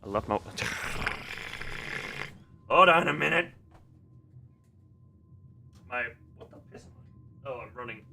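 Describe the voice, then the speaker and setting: Lively, rambling male game streamer. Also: medium pitch, slow pace, gravelly, long pauses. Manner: rambling, restarts sentences, laughs often, talks to chat. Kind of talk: casual live-stream chat while playing.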